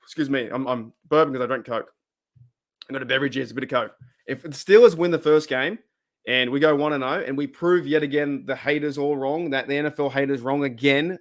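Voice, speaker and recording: An Australian man hosting a live sports podcast, fired up and rambling as he reads chat comments aloud. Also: a little high. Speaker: podcast host.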